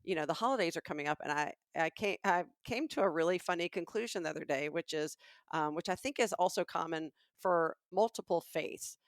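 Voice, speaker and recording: A woman's voice: on the low side, brisk, no room sound, studio quality. A woman in her fifties with a Southern American accent, co-hosting a comedy podcast in casual, teasing chat. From Alabama, USA. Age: 50s. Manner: playful, teasing, breaks into laughter. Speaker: podcast co-host.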